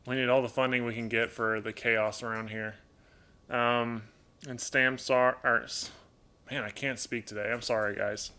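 A raspy-voiced man rambles through a casual live Q&A at home, reading viewers' chat aloud and talking to his pet birds. He speaks at medium pitch and normal speed with little pitch movement, in a pushed, bright manner.

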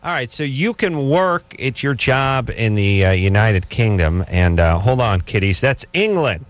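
A male radio host with a lively, swooping voice. He tells stories in a sarcastic, animated way and needles his co-host and callers in loose, casual banter. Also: mid-range voice, a little slow, no echo.

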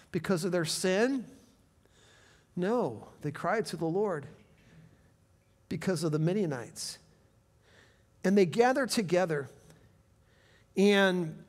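A man preaching a sermon as interim pastor, swinging between loud, shouted exhortation and quiet asides. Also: sits high. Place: church sanctuary. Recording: long reverb of a church hall.

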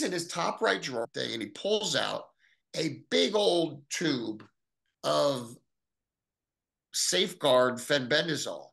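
Gravelly, bright-toned man telling his story. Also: slow pace. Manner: animated, acts out quoted voices with big pitch jumps. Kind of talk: storytelling in an interview.

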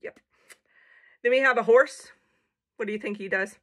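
A woman's voice: a little high, normal speed, fairly bright tone. A woman casually reading a children's picture book aloud, playful, with jokey asides and animal noises.

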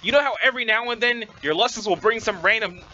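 A man voicing a furious, foul-mouthed young male troll who yells and swears constantly in a dramatic webcomic reading. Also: high-pitched, fast, dull audio, slight background noise. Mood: ranting.

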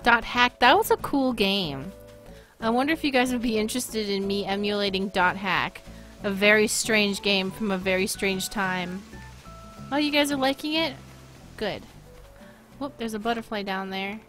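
A woman with a Boston accent giving live gameplay commentary, excitable, gasping and laughing often. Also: mid-range voice, normal speed, faint music behind. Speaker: streamer.

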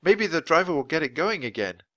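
A man's voice: a little high, very animated, fairly quick, a bit bright, no room sound, voice pushed up. A man voicing a bold, eager young girl in a children's book reading, with an upbeat, chirpy manner. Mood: curious.

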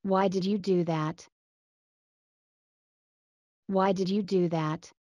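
A woman's voice: fairly low pitch, fairly even intonation, slow pace, darkish tone, no echo, lo-fi sound. A woman reading short everyday English phrases for learners, each one twice, carefully enunciated.

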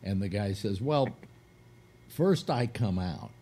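Low-voiced man telling a crude joke. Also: slow pace, husky. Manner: animated joke-telling with acted quotes, crude. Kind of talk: casual radio chat, storytelling.

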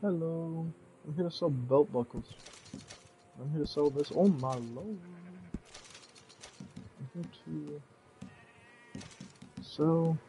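A young man giving casual gameplay commentary, profane and animated, ranting with mock outrage. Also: on the high side, slow pace, pauses often, background noise. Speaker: gamer streamer.

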